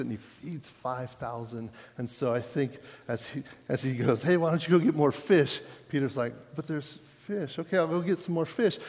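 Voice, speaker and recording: A man's voice: medium pitch, creaky, a little mellow. A man preaching a sermon, retelling a story in a casual, conversational way and building to fervor. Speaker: pastor. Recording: long hall reverb.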